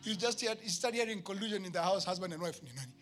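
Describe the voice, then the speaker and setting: A pastor with a Kenyan accent preaches a sermon to his church in a high-sitting voice at a quick pace. He is emphatic, with shouted peaks and comic asides.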